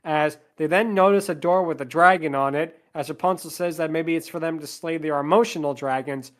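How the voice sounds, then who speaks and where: Sardonic podcast host recapping a movie. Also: male voice, a little high, a little fast. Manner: plot narration with sarcastic asides.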